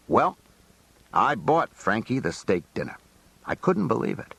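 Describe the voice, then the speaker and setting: A man's voice: mid-range voice, big pitch swings, a little slow, vocal fry, a bit bright, slightly rough, dry recording. A man narrating a first-person memoir in a colloquial, streetwise storytelling manner. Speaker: audiobook narrator.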